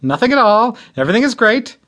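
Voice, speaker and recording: A jittery young groom forcing a bright, cheerful tone, pitched well above an ordinary speaking voice, as a man puts him on. His replies come out strained, like a smile held too long. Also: big pitch swings, fast, heavily acted. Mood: forced cheer. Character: young adult male groom, anxious, putting on cheer.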